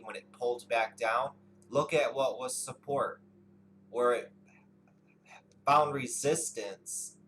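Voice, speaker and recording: Guy slowly talking thru stock charts, middle pitch, calm step by step. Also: slight background noise, low-quality recording. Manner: steady, unhurried chart narration with pointing phrases. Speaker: day trading educator. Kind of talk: screen-share chart walkthrough.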